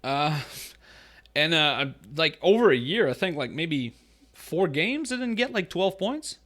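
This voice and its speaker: A man co-hosting a podcast in casual chat, animated and joking, teasing his co-host. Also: on the high side, unhurried.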